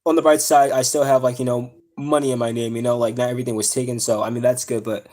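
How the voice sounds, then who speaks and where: A man's voice: mid-range voice, little pitch movement, fast talker, darkish tone. A young man on a live stream telling a personal story, upset and close to tears, rambling with many fillers and restarts. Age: young adult. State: near tears.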